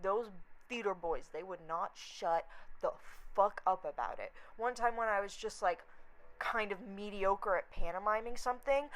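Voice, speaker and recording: A young woman vlogging, telling a story in a blunt, profane, animated rant. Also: medium pitch, poor audio. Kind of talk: casual rant to camera.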